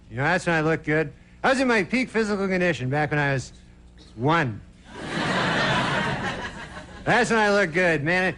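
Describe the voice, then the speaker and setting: Man, stand-up comic, high voice, deadpan, rambling, late-night TV stage, noisy old broadcast audio. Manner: deadpan, rambling, many "you know" fillers. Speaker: stand-up comedian. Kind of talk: stand-up monologue.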